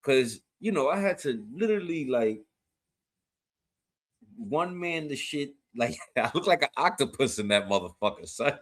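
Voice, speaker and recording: American man, casual podcast chat, slangy and animated, laughs a lot, mid pitch. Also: normal speed. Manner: animated slang-heavy storytelling, laughs often.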